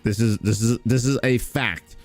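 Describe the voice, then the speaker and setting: A man's voice: mid-range voice, normal speed, darkish tone, soft background music. A man hosting reaction commentary, talking in a sarcastic, mocking, profane way. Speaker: streamer commentary host. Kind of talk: reaction commentary on stream clips.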